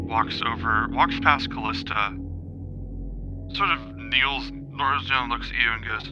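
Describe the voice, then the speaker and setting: A man's voice: mid-range voice, steady tone, takes it slowly, pauses often. Hesitant man running a tabletop game. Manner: hesitant, full of ums and restarts. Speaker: game master. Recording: slightly muffled recording with music behind.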